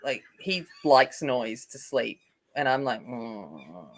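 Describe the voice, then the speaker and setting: A woman's voice: extremely low pitch, slow. An Australian woman hosting a coloring live stream, chatting casually and rambling while answering viewer comments. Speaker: coloring channel host.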